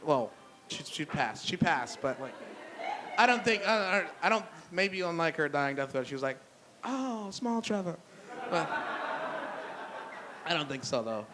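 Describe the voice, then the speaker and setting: A man's voice: a little high, animated, normal speed, noisy background. A young man doing stand-up comedy at a live brewery show, telling loose, profane, self-deprecating stories with lots of restarts. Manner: loose, rambling delivery with restarts.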